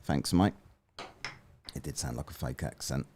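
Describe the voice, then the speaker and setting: A man's voice: extremely low pitch, normal speed, darkish tone, breathy edge. A man hosting a livestream, debating callers in a sarcastic, mocking way. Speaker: livestream host.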